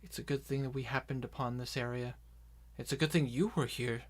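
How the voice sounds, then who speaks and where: A worried woman ally, as a man puts her on in a tabletop game. She speaks quietly and slowly with a hushed, anxious edge. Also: mid-range voice, lightly acted.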